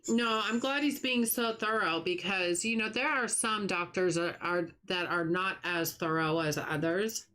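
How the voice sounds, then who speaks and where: Playing on a livestream, a middle-aged woman keeps up a casual, sympathetic conversation with her chat. Her voice is fairly low, her pace measured with few pauses, and her manner warm and chatty, full of restarts.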